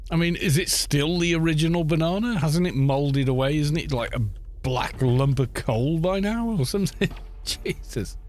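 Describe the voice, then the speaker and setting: A man's voice: on the high side, moderate pace, a little mellow. A man chatting casually while streaming a game, rambling and exasperated, often restarting his sentences. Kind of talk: casual chat while gaming. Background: faint background music.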